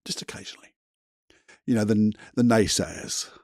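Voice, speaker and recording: A man's voice: on the low side, steady tone, normal speed, a little mellow, no echo, clean studio sound. A man hosting a self-help podcast, talking in a blunt, chatty, motivational way with the odd mild swear. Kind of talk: casual motivational monologue.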